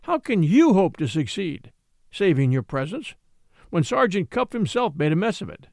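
A man's voice: sits high, very animated, moderate pace, creaky, a little mellow, no echo, clean studio sound, heavily acted. A man doing a stubborn old servant. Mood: insistent. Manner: stern, insistent pleading. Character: elderly male servant, stubborn and proud.

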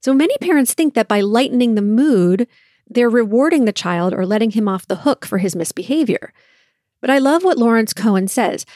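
A woman's voice: a little high, no echo, clean studio sound. A woman in her forties hosting a solo podcast, telling parenting stories and acting out the lines she said. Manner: storytelling, lively when acting out quotes.

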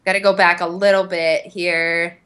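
Bright-voiced giggly young woman rambling. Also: fairly low pitch, level tone, moderate pace, clean tone. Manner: rambling, giggly storytelling with many fillers. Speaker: voice actress, panel guest. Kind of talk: casual convention panel talk.

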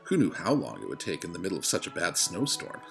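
A man with a deep, low voice narrates a story chapter at an even storytelling pace. Faint music plays quietly behind his reading. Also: fast, creaky. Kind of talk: audiobook reading.

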